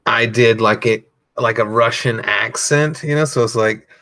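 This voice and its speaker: A comedian talking loosely and profanely while coloring on a stream, with lots of fillers. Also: male voice, medium pitch, measured pace, few pauses, pushed and bright. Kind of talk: casual rambling chat.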